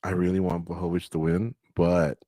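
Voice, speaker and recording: In a studio with no room sound, this low, dark-toned man talks at normal speed with little movement in his pitch. As a sports radio co-host, he chats loosely, spins stories, performs quotes and cracks himself up.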